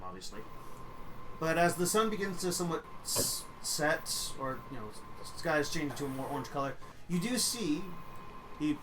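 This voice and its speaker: A man's voice: a little high, noisy background. A young man narrating as game master for a streamed tabletop game, rambling with many fillers and casual swearing.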